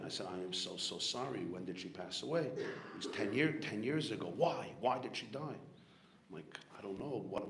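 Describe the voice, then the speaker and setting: A man speaking as a rabbi, telling a personal story in a reflective, earnest sermon and quietly acting out the voices in it. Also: on the low side. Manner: earnest, reflective storytelling with soft spoken asides. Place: community hall gathering. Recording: echoey room, faint background noise.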